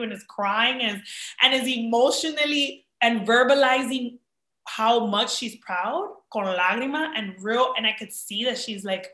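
A woman's voice: fairly high pitch, normal speed, a bit bright. A woman in her thirties, an actress, talking earnestly as an interview guest and slipping in Spanish words. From Dominican family in the United States. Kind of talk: emotional personal interview talk. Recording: echoey room.

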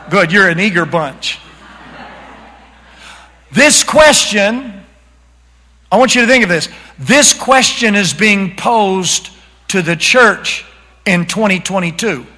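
Preacher with a bright, high voice. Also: male voice, expressive, big-room sound. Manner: dramatic, slows and rises to shouting. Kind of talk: sermon. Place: church sanctuary.

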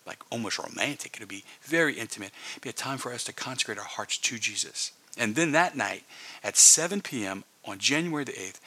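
A male pastor preaching earnestly in a conversational way, dropping into hushed whispers for emphasis. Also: lowish voice, breathy edge. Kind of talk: sermon.

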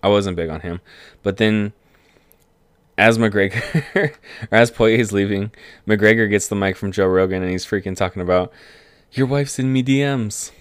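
Low-voiced man rambling about sports. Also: normal speed, long pauses, smooth, no echo. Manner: rambling, excitable, laughs at his own remarks. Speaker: vlogger. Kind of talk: casual sports commentary monologue.

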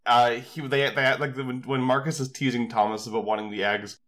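Man, mid-pitched voice, casual podcast chat, halting, wry. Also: level tone, a bit bright. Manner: rambling, halting with fillers, wry. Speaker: podcast co-host.

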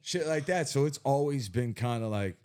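A man's voice: mid-range voice, lively intonation, normal speed, a little mellow. A young man chatting casually as a podcast co-host, rambling, swearing and laughing often. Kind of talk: casual chat.

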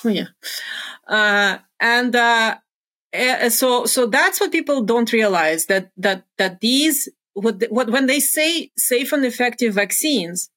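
A woman's voice: fairly high pitch, lively intonation, takes it slowly, fairly bright tone. A middle-aged woman, a former pharmaceutical research executive, explaining things as an interview guest in earnest, careful steps.

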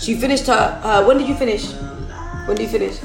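A woman's voice: a little high, fast, creaky. A businesswoman on a phone livestream, giving an emphatic, repetitive motivational talk. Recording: echoey room, faint music behind.

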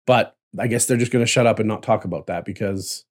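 A man's voice: fairly low pitch, fast talker. Chatty man talking tabletop roleplay. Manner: chatty, laughs often, slips into playful voices. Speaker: podcast host, dungeon master. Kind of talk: casual chat about tabletop roleplay.

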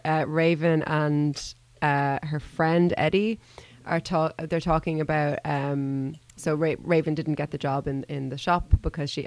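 A woman in a casual podcast chat, retelling a TV episode with lively acted-out quotes. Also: sits low, no echo. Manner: animated storytelling, acting out quotes.

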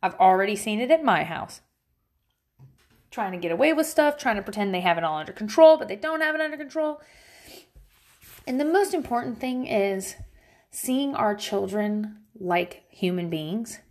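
Blunt, animated, foul-mouthed mom vlogger. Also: female voice, moderate pace. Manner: blunt and profane, frequent swearing and "um" fillers; animated, jumps between high and low pitch. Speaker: parent vlogging about teaching her kids at home. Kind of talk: casual, candid advice talk to viewers. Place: at home.

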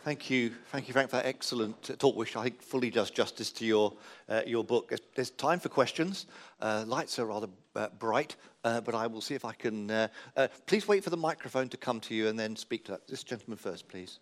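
A man's voice: mid-range voice, fairly quick. Polite man chairing a Q&A. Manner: polite, hesitant, full of fillers. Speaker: event chair.

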